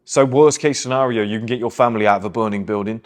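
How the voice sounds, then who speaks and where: A man's voice: fairly low pitch, fast. A young man hosting, delivering a blunt, emphatic motivational monologue. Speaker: host.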